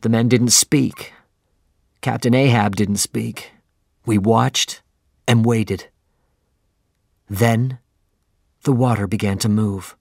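Slow, gravelly male audiobook narrator. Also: fairly low pitch, steady tone, dry recording, clean studio sound. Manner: measured, plain storytelling.

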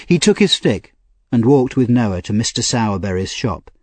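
A man narrates an audiobook in a measured, expressive storytelling style. His voice is mid-range, with no room sound.

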